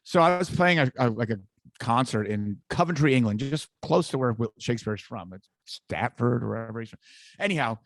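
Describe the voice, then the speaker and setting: A man's voice: medium pitch, brisk, dry recording. A man co-hosting a podcast, telling a rambling anecdote with profanity and self-amused laughs. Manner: animated storyteller, swears, laughs at himself. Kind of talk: casual storytelling.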